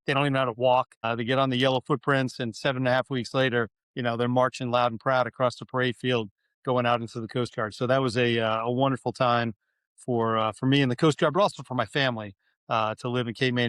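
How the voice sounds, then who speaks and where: A middle-aged man from New York recounts his career in an earnest, conversational way, stopping and restarting his sentences often. His voice is smooth and clear at an average pitch. The recording is dry and close, with no room sound. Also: a bit bright, dry recording. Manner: frequent restarts and fillers, earnest. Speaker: university president, guest. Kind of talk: conversational storytelling.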